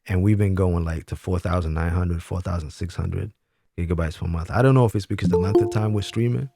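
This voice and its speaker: A man's voice: deep voice, a little fast, vocal fry. A young man hosting a casual livestream chat, blunt and profane, often trailing off and restarting his sentences. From Brooklyn, New York. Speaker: livestream host.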